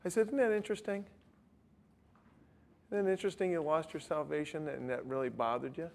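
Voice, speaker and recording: A man's voice: on the high side, brisk, vocal fry, darkish tone. A middle-aged man preaching, telling a story conversationally and acting out both sides of a dialogue. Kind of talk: sermon with retold street-evangelism story.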